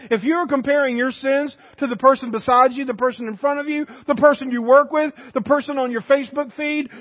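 High-voiced pastor preaching with fervor. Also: male voice. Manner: swings between shouted exhortation and hushed intensity. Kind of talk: impassioned sermon. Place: church sanctuary. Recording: dull recording with long reverb in a church hall.

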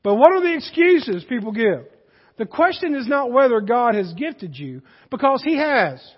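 A man's voice: very high voice, big pitch swings, moderate pace, slightly rough. A man preaching a sermon in a folksy manner that rises to emphatic peaks, heard in a church sanctuary. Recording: dull, hall reverb.

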